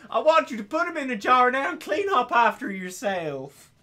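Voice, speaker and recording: Man doing a nagging American lady, high and bright, scolding hard. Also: very animated, normal speed, exaggerated voice. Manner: shrill, exasperated nagging.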